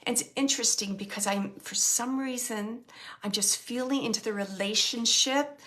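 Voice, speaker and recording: Searching, soft-spoken woman medium. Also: a little high. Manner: halting and searching, with soft whispered asides and brief laughs. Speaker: medium giving a reading. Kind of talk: live mediumship reading to an audience member.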